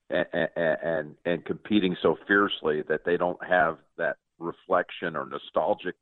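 A sports broadcaster in his sixties, interviewed as a guest, tells stories casually but earnestly, halting and restarting many times. His deep voice comes through a tinny, dry, phone-like line, close-up with no room sound.

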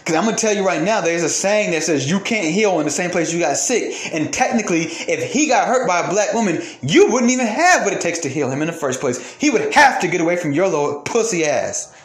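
A man's voice: high-pitched, lively intonation, a little fast, few pauses, reverberant. A man hosting a podcast, delivering an angry, profane rant and repeating phrases for emphasis. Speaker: podcast host. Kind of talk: heated ranting monologue.

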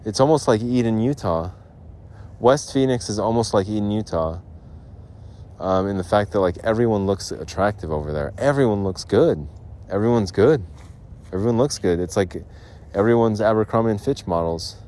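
A man's voice: on the low side, lively intonation, normal speed, mellow, slight background noise. A man hosting a casual podcast, rambling through a funny story with profanity and laughter. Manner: loose, profane, laughs through his own stories. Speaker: podcast host.

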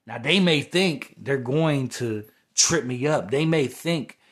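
A man's voice: mid-range voice, slow, slightly rough. A young man hosting a podcast, talking through a heated, rambling spiritual monologue that often circles back to "you know what I'm saying". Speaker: podcast host.

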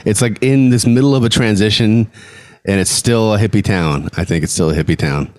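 A man's voice: fairly low pitch, a little fast, no echo. A man hosting a podcast, talking in a rambling, enthusiastic way with frequent restarts. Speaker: podcast host. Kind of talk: casual chat.

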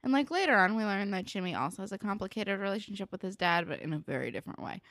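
A woman's voice: mid-range voice, expressive, fairly bright tone, dry recording, studio quality. Chatty young woman from New Jersey. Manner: chatty, lots of "like" and "um", quick asides. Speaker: podcast co-host. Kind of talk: casual chat recapping a TV episode.

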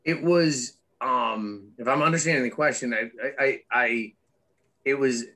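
A man's voice: medium pitch, a little slow, bright, forceful tone. A middle-aged man, a guest speaking candidly in an interview, with many restarts and fillers as he tells stories animatedly. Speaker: guest, author and former Wall Street trader.

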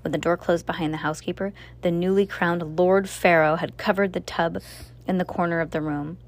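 A woman's voice: fairly low pitch, fairly even intonation, fairly quick. A woman reading a gothic story aloud in a dramatic way, sometimes stumbling and correcting herself. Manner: dramatic, with slips and self-corrections.

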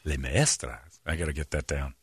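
A man's voice: a bass voice, fairly quick, slight background noise. A man hosting a talk show, joking around and laughing as he butchers mock Spanish phrases. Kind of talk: casual comedic banter.

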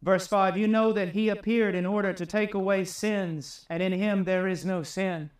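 A man preaching a sermon with passion, climbing high and loud to drive home his points. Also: steady tone, moderate pace, recorded from a distance. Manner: impassioned, rises high and loud for emphasis.

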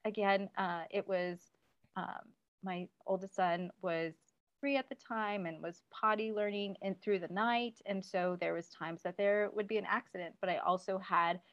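A woman's voice: medium pitch, fairly even intonation, moderate pace. Practical woman giving advice, lo-fi sound. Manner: practical, advice-giving, with many "um"s and "you know"s. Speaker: parenting guest. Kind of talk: casual conversational interview. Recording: dull lo-fi recording.

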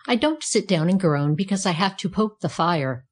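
A woman voicing a cheerful, self-satisfied talking fire poker in a read-aloud storybook, speaking calmly. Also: lowish voice, moderate pace. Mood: contented.

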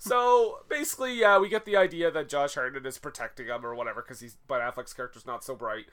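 A man's voice: medium pitch, fast talker, a bit bright. A man co-hosting a casual movie-review podcast, sarcastic and laughing often. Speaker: podcast co-host.

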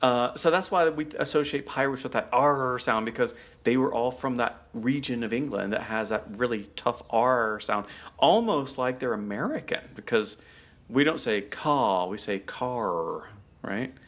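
Casting: male co-host, mid-pitched, chatty explainer, loose and rambling. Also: normal speed, a bit bright. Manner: chatty, explains with asides and fillers. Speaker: podcast co-host. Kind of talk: casual chat.

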